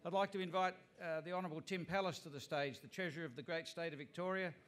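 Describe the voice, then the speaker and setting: A man's voice: a little high, quick pace, fairly bright tone. A man hosting an event, polite and hesitant with many fillers. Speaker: event host.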